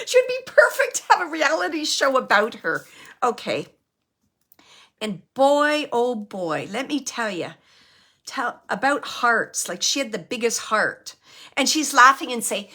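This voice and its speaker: A woman medium gives a live reading in a bright, tense, fairly high voice. She talks haltingly, hunting for words through plenty of fillers, and now and then sinks into a hushed whisper. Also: sing-song. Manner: drops to a hushed whisper at times. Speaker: psychic medium.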